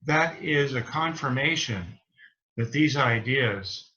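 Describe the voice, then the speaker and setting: This man is a reverend hosting a live interview. He has a bright, tense edge and middle pitch, and he keeps affirming his guest with enthusiasm. His audio is dull and lo-fi. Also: lively intonation, slow. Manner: enthusiastic, affirming, frequent backchannels.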